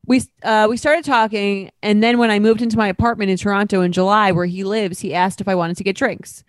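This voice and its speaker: A woman co-hosting a casual chat, talking quickly and loosely with many fillers, and reading a letter aloud. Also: mid-range voice, fairly even intonation, no echo. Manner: chatty, lots of "like" fillers. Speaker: podcast co-host.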